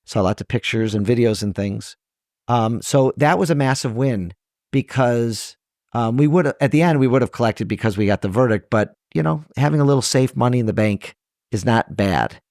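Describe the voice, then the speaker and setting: Earnest trial lawyer, dry close sound. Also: male voice, medium pitch, moderate pace, a little mellow, no echo. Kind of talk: podcast interview.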